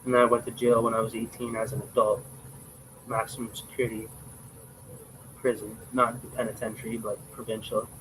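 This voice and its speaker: A man's voice: mid-range voice, noisy background. A man in his twenties on a livestream, telling a story casually and with emphasis, rambling and swearing freely. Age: 20s. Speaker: livestream host.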